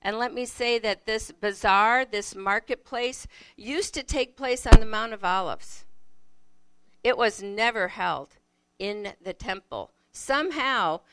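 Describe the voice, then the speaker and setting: A woman giving a reflective Bible teaching, unhurried and searching, often asking the listener questions. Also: on the high side, bright, forceful tone, no room sound.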